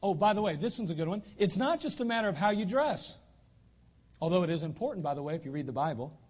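Pastor mid-sermon, man with a high voice, emphatic church preaching that hammers points by repetition. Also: animated, fast, a little mellow, husky. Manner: emphatic preaching, repeating lines for stress. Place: church sanctuary.

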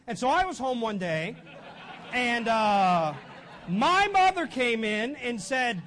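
A man's voice: very high voice, expressive, moderate pace, a bit bright, a little hiss or hum. A middle-aged man preaching a conversational sermon, with frequent asides to the congregation. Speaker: pastor.

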